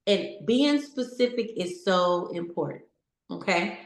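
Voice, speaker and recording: A woman's voice: lowish voice, lively intonation, takes it slowly, reverberant. A woman giving a conversational motivational talk to a live audience, encouraging and full of questions. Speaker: motivational speaker.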